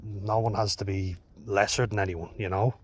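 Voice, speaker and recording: A man's voice: fairly low pitch, steady tone, normal speed, slightly rough. An Irish man who coaches youth rugby, talking casually to camera in a rambling, frank way, with fillers and the odd swear word. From Ireland.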